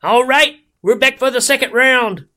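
A man hosting a movie podcast, chatting casually in an excitable, giggly, rambling way. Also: very high voice, moderate pace, very noisy. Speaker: podcast host.

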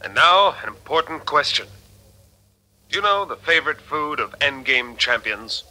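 A man's voice: a little high, lively intonation, normal speed, pushed and bright, rough recording. An actor playing a polished male TV announcer who hypes a deadly future game show. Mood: promotional. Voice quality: polished, promotional delivery. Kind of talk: broadcast announcing.

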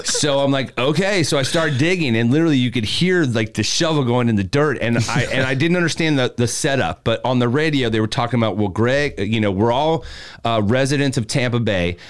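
Man, casual storyteller, smooth clear voice, animated, does little voices for the people he quotes. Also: mid-range voice, a little fast. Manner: animated, acts out quotes, laughs while telling. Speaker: podcast guest telling a story.

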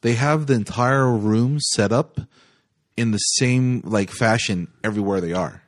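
A man's voice: medium pitch, unhurried. Joking man in a casual podcast chat. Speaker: podcast co-host. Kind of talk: casual movie discussion.

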